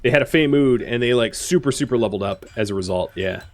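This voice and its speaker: Speaking fast in a mid-range voice, this gameplay commentator addresses the game's characters directly during a casual let's-play. Excited bursts alternate with low, mumbled side remarks.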